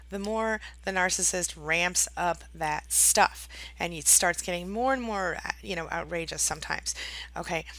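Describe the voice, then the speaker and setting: A woman's voice: on the low side, creaky, pushed and bright, no room sound. A woman coaching abuse survivors in a direct-to-camera advice talk, chatty and constantly checking in with "right?" and "okay?", acting out the voices she quotes. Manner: acts out quoted voices dramatically.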